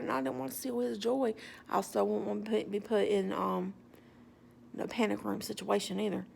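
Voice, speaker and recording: A woman telling a story in a casual, animated way with wry humor. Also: mid-range voice, normal speed, vocal fry, slight background noise.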